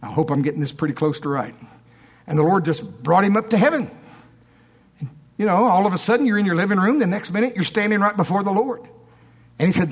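A preacher telling a story in an animated, conversational sermon. His voice sits a bit high for a man. He often checks in with the congregation by asking them questions. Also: fairly quick, pauses often, husky.

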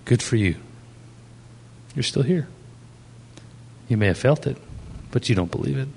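A man's voice: medium pitch, expressive, measured pace, creaky, darkish tone, slight background noise. A man preaching a sermon to young people, asking the audience questions and telling stories from his ministry. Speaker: pastor.

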